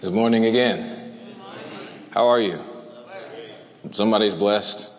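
In a reverberant church hall, a deep-voiced male pastor delivers a slow, deliberate sermon, posing questions to the congregation.

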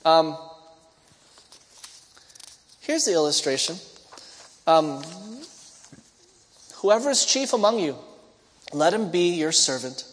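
A man's voice: on the high side, sing-song, takes it slowly, long pauses. A man preaching a sermon, telling stories and acting out the voices of the people in them. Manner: storytelling, acts out quoted voices. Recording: long hall reverb.

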